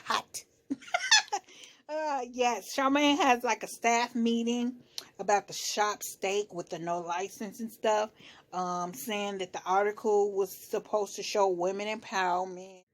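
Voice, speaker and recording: Female vlogger, casual recap talk, slangy, animated delivery. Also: medium pitch, a little slow. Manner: chatty, animated, slangy, shifts into quoted voices.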